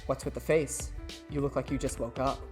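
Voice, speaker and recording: A man voicing a cold, blunt young woman who speaks in a flat, curt way. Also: fairly quick, music in the background, natural voice. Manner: flat, curt, low-voiced.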